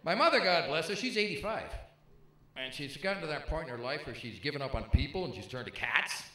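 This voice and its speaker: A man's voice: fairly high pitch, animated, fairly quick, pushed and bright, a little hiss or hum. A middle-aged man doing brash, punchy stand-up comedy on a club stage, bantering with the crowd. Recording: echoey live room with faint ambience.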